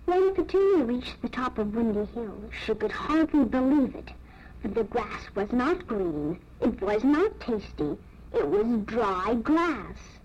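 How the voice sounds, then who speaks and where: A woman reading a children's picture book aloud, gently, giving the animals their own voices. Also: on the high side, sing-song, measured pace. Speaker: storyteller. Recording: dull lo-fi recording with faint noise.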